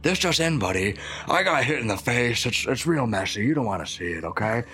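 A man's voice: medium pitch, big pitch swings, brisk, over loud music. A man playing a tabletop game, talking in a goofy, swaggering way and swearing often. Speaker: player. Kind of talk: in-character role-play.

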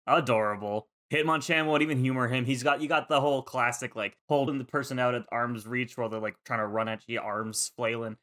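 A man's voice: medium pitch, fairly even intonation, a little fast, hardly any pauses, pushed and bright. A man co-hosting a podcast, recapping an episode in easygoing casual chat with dry jokes and frequent laughs. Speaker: podcast co-host.

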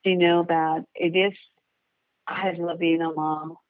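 A woman's voice: on the low side, level tone, takes it slowly, no echo. An older woman, a folk dance director, talking proudly and at length as a guest on a radio show. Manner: warm, proud, rambling storyteller. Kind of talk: casual radio interview. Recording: tinny phone line, dry.

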